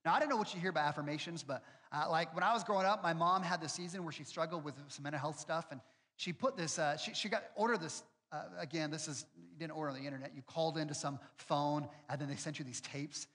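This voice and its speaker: A man's voice: on the high side, fast talker, fairly bright tone, husky. A male pastor preaching a sermon in a conversational, storytelling way with self-deprecating humor. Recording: long reverb with faint music behind.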